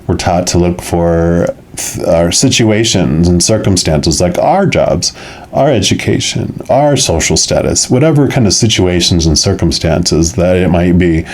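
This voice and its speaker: A low-pitched man talks through a weekly tarot reading for his viewers. His delivery is soft and musing, full of loose phrases that circle back on themselves. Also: a little slow. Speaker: tarot reader.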